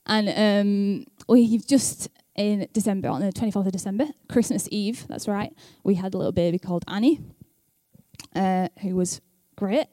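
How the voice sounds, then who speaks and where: A woman's voice: medium pitch, normal speed, mellow, dry recording. A young woman speaking at church in a chatty, self-deprecating way, laughing often, then reading scripture aloud. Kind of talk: casual talk and scripture reading.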